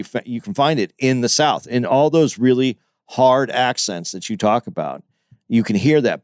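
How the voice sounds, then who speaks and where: Podcast cohost dude, mid voice, talks it out slow and keeps restarting his sentences, dry close mic. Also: medium pitch, dry recording. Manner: explains at length, restarting sentences as he thinks. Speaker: podcast co-host. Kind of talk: casual podcast discussion.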